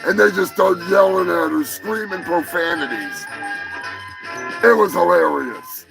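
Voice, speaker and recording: Brief: loud, crude male storyteller host, high and gravelly, over background music. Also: expressive, unhurried, poor audio. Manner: profane, rambling, bursts into shouting. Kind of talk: live show, rambling anecdotes.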